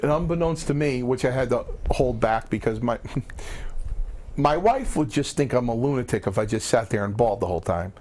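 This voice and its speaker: A middle-aged man with a medium-pitched voice tells a casual story as a talk show guest. He is animated and often stumbles into restarts. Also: normal speed. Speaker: guest, former wrestler turned lawyer. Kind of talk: casual anecdote.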